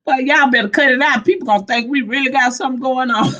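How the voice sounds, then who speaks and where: A woman's voice: high voice, quick pace, fairly bright tone, highs cut off. A woman hosting a casual livestream, laughing often as she greets viewers by name and reads their comments. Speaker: livestream host.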